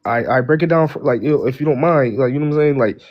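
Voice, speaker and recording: A man's voice: medium pitch, fast, no echo, muffled recording. A man moderating a casual live audio panel, stammering and cutting in with prodding questions.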